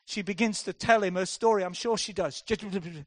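Impassioned preacher with a dry, close sound. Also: male voice, sits high, moderate pace, hardly any pauses, no echo. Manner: dramatic swings from hushed to loud, acts out voices. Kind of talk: sermon.

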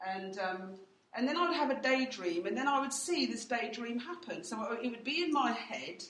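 A woman's voice: a little high, lively intonation, moderate pace, fairly bright tone, far from the mic. A woman teaching in church, telling her story in a chatty way with many fillers and voicing others in quotes. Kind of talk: teaching testimony. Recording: roomy and off-mic.

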